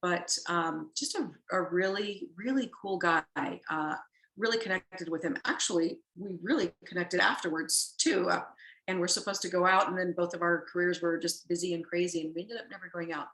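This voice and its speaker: A woman's voice: lowish voice, normal speed. Middle-aged woman chatting in an echoey room. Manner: warm, rambling, self-correcting storyteller who laughs easily. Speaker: actress guest. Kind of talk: casual interview chat.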